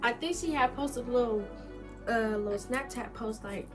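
A young woman co-hosting a storytime vlog, laid-back and slangy, speaking low and easy. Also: moderate pace, over music. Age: young adult. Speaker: vlog co-host. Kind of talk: casual storytime chat.

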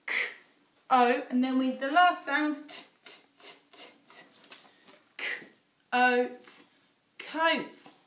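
A woman's voice: sits high, steady tone, very slow, pauses often, a bit bright, a little hiss or hum. A young woman teaching phonics to small children, sounding out letters in a sing-song voice at home. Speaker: infant school teacher. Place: home, echoey room. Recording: echoey room, voice a little far off.

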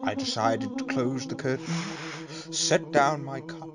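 A man's voice: medium pitch, a little slow, loud music behind the voice, lightly acted. A man doing a posh, pompous voice as he tells a dramatic tale in a comedy sketch, overly formal and flowery. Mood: grandiose. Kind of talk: comic sketch narration.

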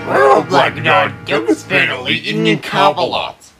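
A cartoon knight drawls his lines slowly with huge swings in pitch. Music plays clearly under him. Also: wildly swooping pitch, heavily acted. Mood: taunting.

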